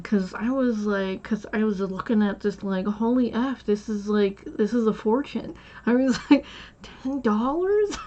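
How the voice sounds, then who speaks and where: A woman's voice: mid-range voice, darkish tone, lo-fi sound, slight background noise. Rambling woman telling a childhood story. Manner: rambling, full of restarts, acts out quoted voices. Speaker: streamer. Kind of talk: casual storytelling while gaming.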